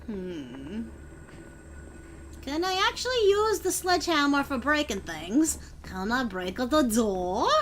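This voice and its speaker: A woman streaming a game, chatting along, muttering to herself and breaking into sudden yells. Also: high voice, background noise. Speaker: vtuber streamer. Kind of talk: gameplay commentary.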